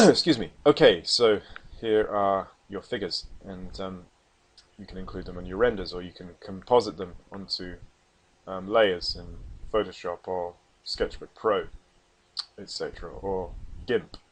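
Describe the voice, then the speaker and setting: A low-voiced man talks through a software tutorial in a loose, rambling way, full of ums and false starts. He sounds a little short of breath as he explains, in a casual screen-recording manner. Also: fairly even intonation, measured pace. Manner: rambling, with many ums and restarts. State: slightly out of breath. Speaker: artist giving a software tutorial.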